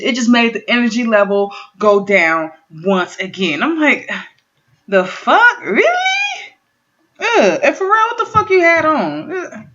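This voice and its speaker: A woman in her thirties ranting casually and profanely to her viewers as she recaps an awards show. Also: fairly high pitch. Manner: profane, excitable, talking straight to viewers. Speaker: vlogger. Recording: dull lo-fi home recording.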